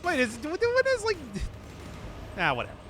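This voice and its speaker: A man's voice: very high-pitched, huge pitch swings, moderate pace, over music. A man streaming a video game, chatting casually and rambling to his viewers while he plays. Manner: chatty and rambling, talking to chat while playing. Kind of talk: casual gameplay commentary.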